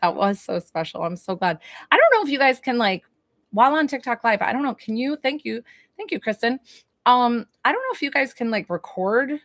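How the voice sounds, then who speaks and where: A woman's voice: fairly high pitch, very animated, a little fast, a bit bright, dry recording. Gushing woman psychic, dry close sound. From New York. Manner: gushing, laughs often, talks to viewers. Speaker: psychic medium. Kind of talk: livestream reading chat.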